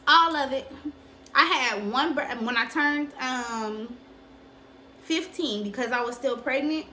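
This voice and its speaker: A young woman casually telling a personal story on her vlog, candid and profane, with lively delivery. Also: high-pitched, measured pace, a little hiss or hum. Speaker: vlogger.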